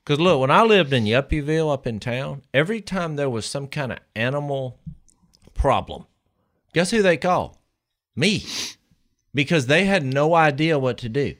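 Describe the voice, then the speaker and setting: Animated male podcast co-host. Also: a little high, moderate pace. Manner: animated storytelling, emphatic. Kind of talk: casual chat.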